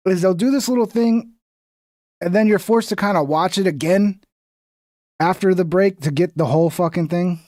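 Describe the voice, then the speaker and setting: A man's voice: high-pitched, normal speed, darkish tone, no echo, clean studio sound. A man casually reacting to talk show clips, joking and swearing as he talks.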